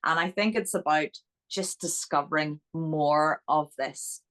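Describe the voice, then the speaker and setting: Low-voiced Northern Irish woman. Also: unhurried, rough recording. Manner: animated, chatty anecdotes. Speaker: guest. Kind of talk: podcast interview storytelling.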